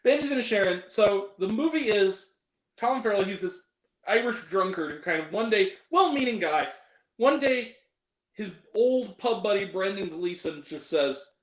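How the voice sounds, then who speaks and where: High-voiced chatty man reviewing films. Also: lively intonation, normal speed, roomy sound, rough recording. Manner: chatty, laughs often, jokey asides. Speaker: host. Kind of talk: casual film review chat.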